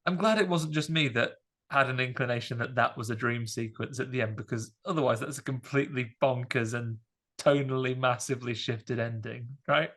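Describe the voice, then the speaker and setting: A man hosting a podcast, chatting casually about a film in a rambling, animated way with many fillers. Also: medium pitch, fairly quick. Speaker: podcast host. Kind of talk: casual film review chat.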